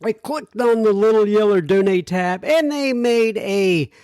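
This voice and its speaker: Guy hosting a podcast, chatty and rambly, slightly high voice, dry close sound, soft guitar music behind. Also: unhurried, smooth, no echo. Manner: chatty, chuckling, rambling asides. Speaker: podcast host. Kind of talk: casual podcast intro.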